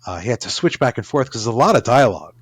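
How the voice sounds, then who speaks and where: A man's voice: medium pitch, big pitch swings, racing, breathy edge, no echo. A man, an author, talking casually in an interview, rambling with many restarts and fillers. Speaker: author guest.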